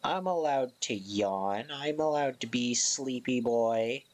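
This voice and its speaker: A man's voice: medium pitch, slow, darkish tone. A young man chatting casually with his stream viewers, sleepy and yawning, giggling between lines. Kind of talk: casual live-stream chat.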